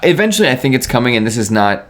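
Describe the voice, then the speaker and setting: A young man co-hosting a casual chat show, talking in a relaxed way with deadpan jokes. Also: mid-range voice, racing. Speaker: podcast co-host.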